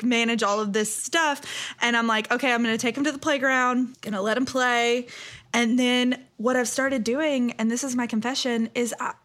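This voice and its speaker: Woman, 30s, podcast co-host, bright-pitched and chatty, easy laughter. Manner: chatty, laughs often, filler-heavy "like". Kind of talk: casual podcast chat.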